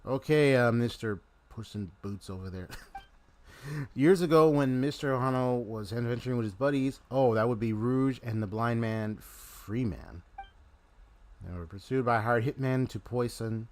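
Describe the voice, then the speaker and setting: A man's voice: medium pitch, unhurried, lightly acted. A man reading aloud the lines of a cheerful little girl who hosts a party, in his plain voice and stumbling now and then. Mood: chatty.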